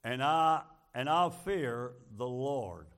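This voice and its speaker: A man voicing a solemn Hebrew prophet, speaking slowly and gravely in a low hushed tone. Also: expressive.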